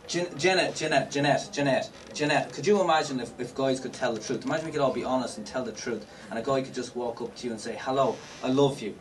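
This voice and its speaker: A man's voice: medium pitch, quick pace, hardly any pauses. An Irish man doing stand-up, teasing the audience in cheeky banter with lots of fillers. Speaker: stand-up comedian. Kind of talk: live comedy show audience work. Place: live comedy venue. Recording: distant mic, noisy live room.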